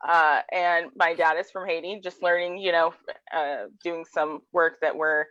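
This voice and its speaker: A woman co-hosting a casual video-call chat, talking in a relaxed, conversational way. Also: fairly low pitch, measured pace, dry recording, lo-fi sound. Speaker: co-host.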